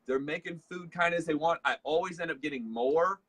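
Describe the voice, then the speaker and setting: A chatty man hosts a casual leadership talk. His voice is bright and a little husky. He tells stories loosely, full of fillers, and acts out the lines of the people in them. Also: a little high, a little fast. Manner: chatty storyteller, acts out dialogue, many fillers. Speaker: host.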